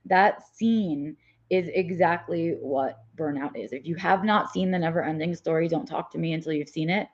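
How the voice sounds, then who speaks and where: A woman's voice: deep voice, normal speed, husky. A woman live-streaming a candid personal vlog, rambling with fillers and restarts, while fighting a migraine. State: has a migraine. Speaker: vlogger. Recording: dull lo-fi audio.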